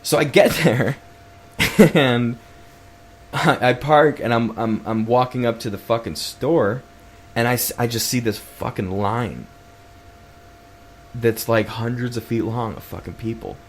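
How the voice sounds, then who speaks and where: A man talks through a story on his own podcast, cursing constantly and tripping over his words as he goes. His voice sits at an ordinary middle pitch. A faint hiss of noise runs under the recording. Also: measured pace, long pauses. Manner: rambling, heavy swearing, frequent restarts. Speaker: podcast host. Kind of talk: casual solo podcast storytelling.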